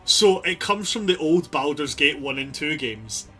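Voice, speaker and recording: Man, game master, bright tone, higher voice, animated storyteller, faint music. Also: unhurried. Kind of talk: narrating a tabletop game.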